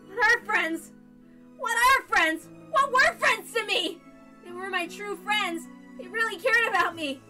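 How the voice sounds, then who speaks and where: A woman's voice: extremely high pitch, bright, forceful tone, exaggerated voice. A woman reading as an anguished teenage boy. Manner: emotional, tearful reading. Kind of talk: dramatic visual novel reading.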